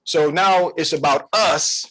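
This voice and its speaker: A man co-hosting a casual relationship podcast, animated and playful, slipping into quick character voices. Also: a little high, slightly rough. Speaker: podcast co-host.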